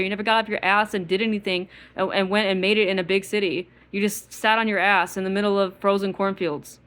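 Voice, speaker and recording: A woman's voice: mid-range voice, flat delivery, brisk, hardly any pauses, fairly bright tone. A woman with an East Coast American accent rants to her viewers in a loose, casual way. Her talk is bitter and full of swearing, with words repeated and filler likes at every turn. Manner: bitter, profane, repetitive ranting with many filler likes. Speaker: vlogger. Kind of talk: casual rant to camera.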